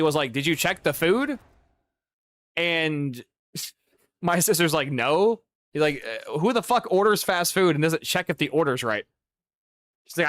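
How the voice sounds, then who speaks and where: A man's voice: fairly high pitch, fairly bright tone, clear, resonant tone, no room sound. Profane young man ranting on stream. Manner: rambling, profane, exasperated ranting. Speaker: gaming streamer. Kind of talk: casual livestream chat.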